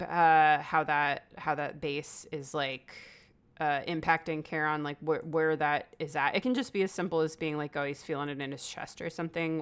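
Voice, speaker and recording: A woman running a tabletop role-playing game as game master, chatty and relaxed, thinking aloud as she explains the rules. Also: sits low, clear, resonant tone.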